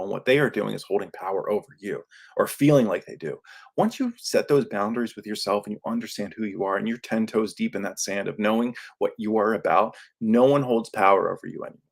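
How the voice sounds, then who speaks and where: A man hosting a podcast, talking casually in a lively monologue and acting out quoted lines in his own voice. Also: on the low side, gravelly. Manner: animated, acts out quoted lines; self-described yelling into a microphone. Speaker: podcast host. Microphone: studio microphone.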